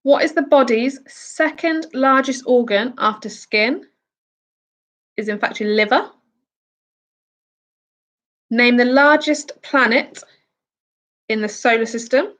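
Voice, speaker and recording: A woman's voice: fairly high pitch, takes it slowly, long pauses, a bit bright. A woman from the UK hosting a casual quiz, reading out each question and answer with chatty asides. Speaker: quiz host.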